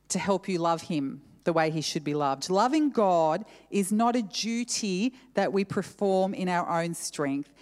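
A woman preacher giving a sermon in an earnest, conversational way, repeating verses with shifting emphasis and adding casual asides. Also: fairly low pitch. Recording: long hall reverb.

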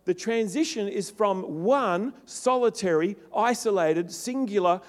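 Male preacher, slightly high voice, sermon with swings from soft to forceful, long hall reverb. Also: expressive, unhurried. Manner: builds to loud emphatic peaks, then drops soft.

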